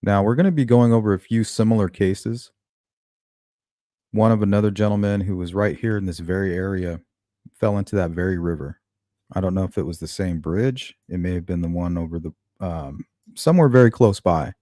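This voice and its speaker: A man with a somewhat low, warm voice hosts a live true-crime stream. He speculates aloud in a relaxed, conversational way and stops to greet viewers by name. The sound is dry and close, with no room around it. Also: fairly quick, no echo. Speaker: host of a true-crime livestream. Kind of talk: casual live commentary.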